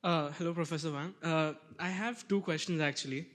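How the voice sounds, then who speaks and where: A man's voice: fairly high pitch, fairly quick, fairly bright tone. A young man, a student in the audience, politely asking a lecturer a question, hesitant and full of fillers. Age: young adult.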